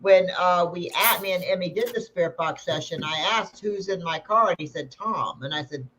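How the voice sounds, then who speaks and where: A woman's voice: on the low side, normal speed. A woman who is a paranormal investigator, casually telling a story and acting out each person's lines. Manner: animated storyteller acting out dialogue. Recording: dull lo-fi sound with faint noise.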